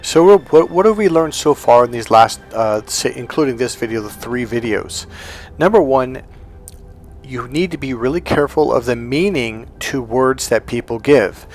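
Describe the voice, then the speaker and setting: A man speaking as a relationship coach in a motivational monologue, telling stories with animated delivery. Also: medium pitch, normal speed, soft background music. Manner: animated storytelling, acting out dialogue.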